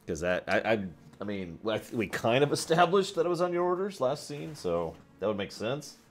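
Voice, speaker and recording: A man's voice: mid-range voice, very animated, a little fast. A man playing a tabletop role-playing game, chatting casually and thinking aloud with many restarts.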